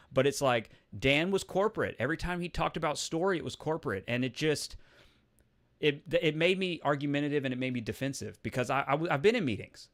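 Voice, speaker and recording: A man's voice: mid-range voice, fairly bright tone. A man on a live stream Q&A, ranting heatedly with lots of swearing and repeated restarts. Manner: heated, profane, repeats himself and restarts often. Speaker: streamer answering live chat questions.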